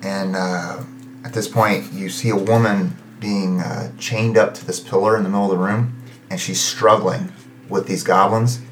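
A man running a tabletop game as game master, narrating in a halting way full of fillers and small restarts. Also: low voice, fairly even intonation, roomy sound, soft background music.

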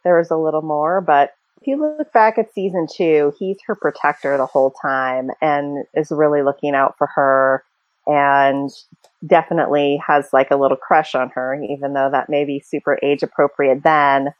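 A woman's voice: deep voice, moderate pace, no room sound, dull audio. A woman co-hosting a casual fan podcast, chatting and speculating freely, with many fillers and small laughs. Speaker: podcast co-host.

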